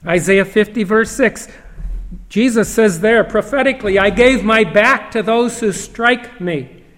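A man preaching a sermon, reading scripture slowly and emphatically, with long pauses. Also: high-pitched, a bit bright. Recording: long hall reverb.

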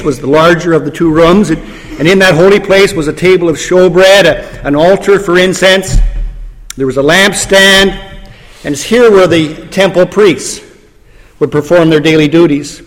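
A man delivers a dramatic sermon in a notably high voice. He slows and drops quiet on key phrases for weight. The sound rings out with a long hall reverb. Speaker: preacher.

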